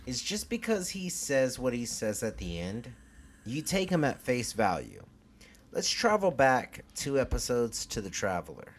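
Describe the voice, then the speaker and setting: A man's voice: mid-range voice, wildly swooping pitch, measured pace. A man co-hosting a podcast, chatting casually and arguing his point, fumbling words and swearing. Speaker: podcast co-host. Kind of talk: casual chat.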